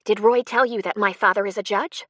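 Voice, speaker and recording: A woman's voice: mid-range voice, fairly even intonation, fairly quick, no room sound, close to an everyday voice. A woman voicing an angry adult woman confronting a con man in an audiobook. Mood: threatening. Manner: angry, demanding, rising to panicked shouts.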